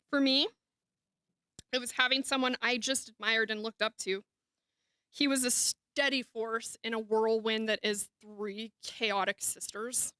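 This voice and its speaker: A woman with a high, bright voice delivers a heartfelt eulogy at a memorial service. She mixes emotion with light humor. Her voice comes through close and dry on a microphone. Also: no room sound. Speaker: sister giving a eulogy. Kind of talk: memorial speech.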